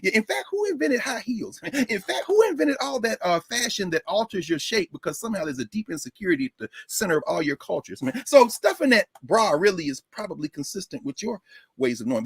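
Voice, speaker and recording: A man lectures in a lively, informal way, swinging his pitch widely like a preacher telling a story. His voice is husky and on the high side, and it sounds dry and close. He laughs often between points. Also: brisk, no echo.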